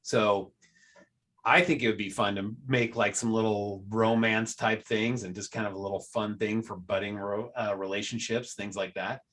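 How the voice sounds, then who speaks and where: A man hosting a casual podcast chat, speaking in a relaxed, rambling way. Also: lowish voice, normal speed. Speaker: podcast host.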